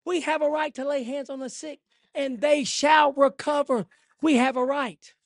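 A man preaching a fervent sermon, his voice pitched very high as he presses each point. He drops to a hush, then climbs back to a full shout. The sound is dry and close. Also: steady tone, moderate pace, no echo.

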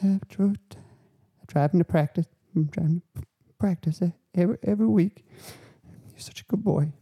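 A man voicing a proud, fussy hockey mother in a put-on Southern US accent, gushing in a high sing-song. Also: moderate pace, breathy edge, muffled recording.

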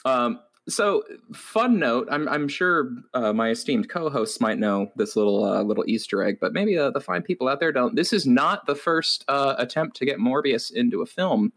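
A man's voice: mid-range voice, expressive, normal speed, few pauses, a bit bright. A man co-hosting a podcast, telling stories in a wry, rambling way with lots of filler words. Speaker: podcast co-host. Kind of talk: casual chat.

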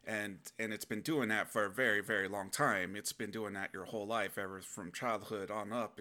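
A man's voice: fairly low pitch, sharp tone. A man talking earnestly in a casual, rambling advice monologue, with restarts and playful acted asides.

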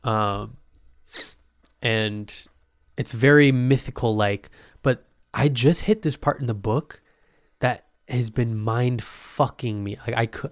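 A man's voice: mid-range voice, no echo. Casual young male vlogger, profane and jokey, medium voice, dry close recording. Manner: loose, profane, joking, puts on quick voices. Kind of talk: casual chat to camera.

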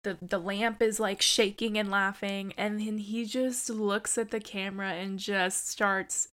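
A woman's voice: mid-range voice, little pitch movement, measured pace, a bit bright. A woman co-hosting a podcast in casual chat, enthusiastic, swearing and saying "like" a lot. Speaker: podcast co-host.

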